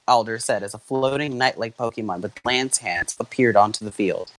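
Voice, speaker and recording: A man's voice: lowish voice, moderate pace, fairly bright tone, rough recording. A young man casually reading fanfiction aloud to friends, often stumbling over names and restarting lines. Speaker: fanfiction reader.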